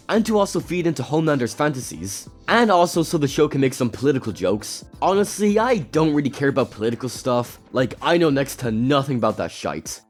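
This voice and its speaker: A young man giving scripted video-essay commentary, sarcastic and expressive, with casual swearing. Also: medium pitch. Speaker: YouTube show reviewer.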